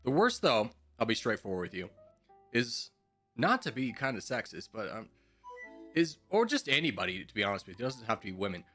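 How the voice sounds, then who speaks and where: A man's voice: medium pitch, very animated, brisk, fairly bright tone, soft background music. A young man chatting sarcastically while streaming a game, rambling from topic to topic. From United States. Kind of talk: casual gaming commentary.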